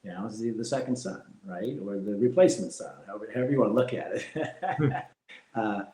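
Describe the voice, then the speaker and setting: A middle-aged man, a former fighter, speaking as an interview guest, reflective and animated as he tells anecdotes with frequent laughter. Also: fairly low pitch, brisk, roomy sound, low-quality recording. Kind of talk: candid interview storytelling.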